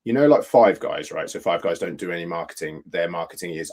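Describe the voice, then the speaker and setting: A man's voice: low-pitched, lively intonation, a little fast, darkish tone. A man co-hosting a podcast, musing in a rambling way full of fillers and "like". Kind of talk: casual video-call chat.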